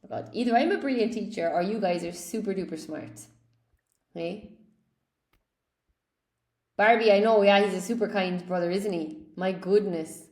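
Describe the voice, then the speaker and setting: A woman's voice: medium pitch, normal speed, pauses often, darkish tone, reverberant. A woman teaching a live online English class, cheerfully praising students by name as she goes through quiz answers.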